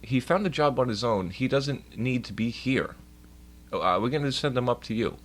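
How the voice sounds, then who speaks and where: A man quoting a brisk office clerk woman. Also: mid-range voice, animated, lightly acted. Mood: matter-of-fact. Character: brisk female office worker on phone.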